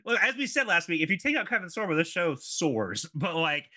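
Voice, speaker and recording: A man's voice: high-pitched, sing-song, fairly quick, hardly any pauses, sharp tone. A man in his thirties co-hosting a casual podcast, rambling through asides with lots of fillers. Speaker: podcast co-host. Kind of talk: casual chat.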